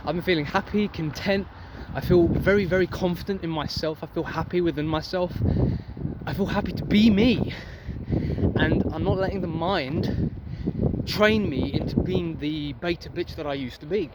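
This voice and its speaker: A man's voice: a little high, moderate pace. A young man giving a blunt, profane motivational rant outdoors for his vlog. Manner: intense, profane, preachy. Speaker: vlogger. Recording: loud street traffic noise.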